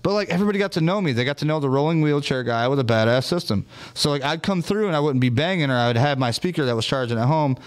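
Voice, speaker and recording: Animated, profane male storyteller. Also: on the high side, fast, hardly any pauses, clean tone. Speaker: host. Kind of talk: casual livestream chat.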